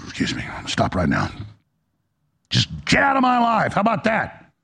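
A man's voice: high voice, huge pitch swings, moderate pace, gravelly, sharp tone, husky. A man ranting as a political commentator in a heated, exasperated monologue, blunt and profane.

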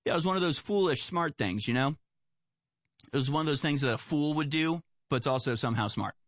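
A man giving solo political commentary, reading news aloud and breaking off into sarcastic, animated hypotheticals. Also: fairly high pitch, fairly quick, dry recording.

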